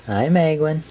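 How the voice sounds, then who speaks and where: A woman's voice: rumbling low, warm tone. A woman talking baby talk to an infant while filming, cooing in a sing-song way and laughing often.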